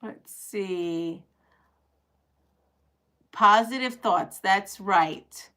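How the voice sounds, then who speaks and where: A middle-aged woman hosts a quilting channel live stream from a home setup, chatting casually with viewers while sewing and often laughing. Her mid-range voice is extremely slow, bright, and forceful, with a little hiss or hum in the audio.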